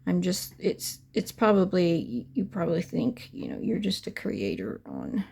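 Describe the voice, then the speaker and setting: Gravelly, husky woman chatting while painting. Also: lowish voice, huge pitch swings, measured pace, warm tone. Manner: chatty, often drops to a half-whisper while working. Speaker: reborn doll artist. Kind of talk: casual craft vlog chat.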